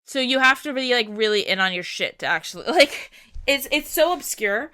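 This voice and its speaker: A woman co-hosting a podcast, explaining a video game puzzle in an animated, chatty way. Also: on the high side. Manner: animated, explanatory, quick to laugh. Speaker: podcast co-host. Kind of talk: casual chat about a video game.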